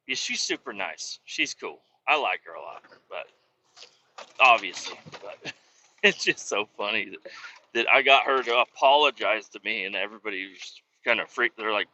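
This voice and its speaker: A man's voice: medium pitch, expressive, normal speed, sharp tone, muffled recording, slight background noise. A man, a truck driver, casually telling stories on a vlog from inside his truck cab, chatty and profane.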